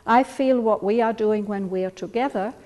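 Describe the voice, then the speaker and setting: A woman leading a study group, speaking slowly and thoughtfully as she explains ideas to the others. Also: mid-range voice, long reverb tail. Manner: slow, thoughtful, gently explaining. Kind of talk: reflective group discussion.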